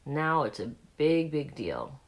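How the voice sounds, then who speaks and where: A woman's voice: low-pitched, sing-song, slow, gravelly. A woman in her forties with a Southern accent, talking candidly and rambling through fillers while doing her makeup. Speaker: beauty vlogger.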